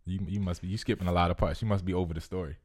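A man in casual chat, talking in quick slang and tagging his lines with "yo". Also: low-pitched, steady tone, a little mellow, husky. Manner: fast, slangy, ends lines with "yo".

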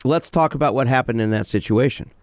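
A man's voice: mid-range voice, fast talker, slight background noise. A man hosting a call-in radio show as a sport psychologist, direct and questioning as he gives advice.

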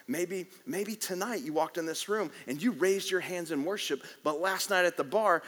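A man preaching a sermon at a worship service, telling the story with animation and swinging from loud to hushed. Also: a little high. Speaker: pastor. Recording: echoey hall reverb.

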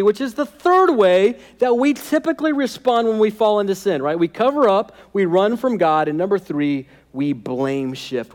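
Male pastor, casual jokey sermon delivery, slightly higher voice. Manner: conversational, humorous, keeps asking "right?".

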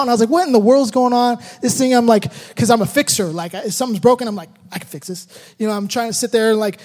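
A man with an unusually high voice tells a story about his family, acting out each beat with shouted sound effects. His words ring out with the long reverb of a large hall. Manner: animated, acts out the moments with shouted sound effects. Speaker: father telling a personal story. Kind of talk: storytelling talk with a life lesson.

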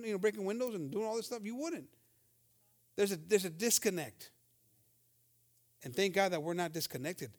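Male preacher, high voice, fervent emphatic sermon with frequent amens.

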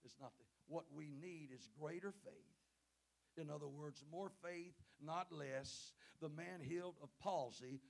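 A man with a high, gravelly voice preaches a sermon in a church. He calls out to the congregation again and again and swings from fervent, loud peaks down to quiet, low asides. He jokes with the crowd between his points. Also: unhurried. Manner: calls out "Amen?" and "Hello?" to the congregation. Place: church sanctuary.

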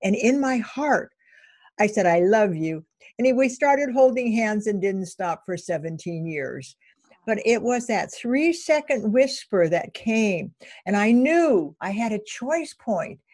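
A woman's voice: on the high side, expressive, takes it slowly, darkish tone, no room sound. Enthusiastic woman host, dry sound. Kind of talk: conversational storytelling.

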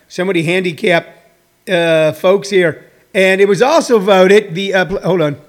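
A stand-up comedian man talks off the cuff to people watching his livestream. His voice sits high for a man, and he rambles through many fillers and restarts. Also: normal speed. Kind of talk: casual livestream monologue to viewers.

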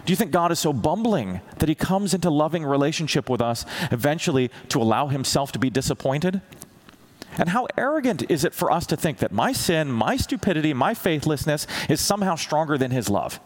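A man's voice: fairly high pitch, a little fast. A man preaching a sermon as teaching pastor, candid and self-deprecating, acting out prayers and God's replies in a raised voice. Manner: animated, acts out dialogues with God in a raised voice.

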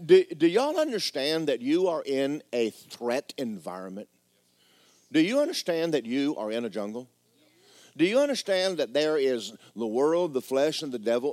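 A man preaching a folksy, conversational sermon. He tells stories and drops into quiet asides. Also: mid-range voice, very animated, moderate pace, no room sound. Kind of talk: sermon with storytelling.

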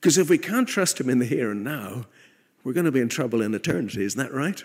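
A man delivers a sermon with a slightly husky, breathy voice at an ordinary pitch. He speaks earnestly, swelling to emphatic points and then sinking back to a soft, quiet tone. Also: lively intonation, fast talker. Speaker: preacher.

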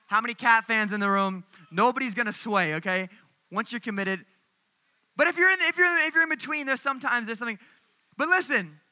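A young man giving a sermon as a youth speaker, telling animated stories straight to the crowd. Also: high voice, no room sound.

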